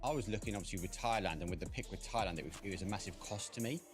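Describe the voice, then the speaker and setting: A man on a live esports panel, telling stories in a lively, jokey way. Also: lowish voice, rapid-fire, over music.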